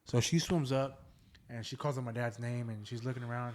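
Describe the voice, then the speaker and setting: A man's voice: mid-range voice, steady tone, a little fast, crowd noise. A man hosting a podcast, telling family ghost stories in a loose, rambling way full of fillers. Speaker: podcast host. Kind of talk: casual storytelling chat.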